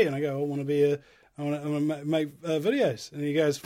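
Slangy New man with a raised pitch. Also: fast. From New Zealand. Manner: relaxed, chuckling, slangy. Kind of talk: casual conversation.

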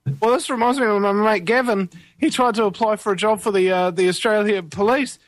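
Young Kiwi guy, higher voice, dry close sound, sarcastic and blunt. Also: steady tone, fairly quick, dry recording. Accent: New Zealand. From New Zealand. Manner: blunt, sarcastic, swears casually. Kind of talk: casual chat.

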